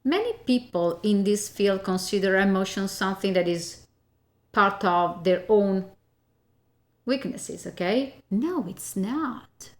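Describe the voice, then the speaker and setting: Woman voice coach, unhurried, emphatic teaching delivery, keeps checking in with listeners. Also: mid-range voice. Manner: emphatic, often tags "okay?" and repeats key points. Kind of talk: spoken voice lesson.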